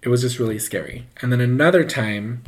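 A man's voice: mid-range voice, fairly quick, a little hiss or hum. Guy, loose chatty storyteller, plays every voice himself, fillers everywhere. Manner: animated, acts out quoted voices; loose and rambling, full of "like". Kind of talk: casual storytelling.

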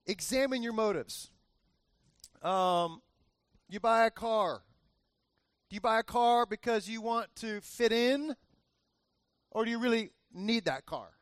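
Man, pastor, high voice, dry close sound, chatty sermon, repeats for emphasis. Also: takes it slowly, long pauses, dry recording. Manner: conversational, repeats himself for emphasis, joking asides.

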